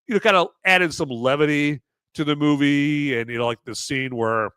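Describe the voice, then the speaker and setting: A man hosting a podcast, giving a casual, rambling movie review with animated asides. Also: on the high side, moderate pace, clean tone, dry recording, clean studio sound. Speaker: podcast host.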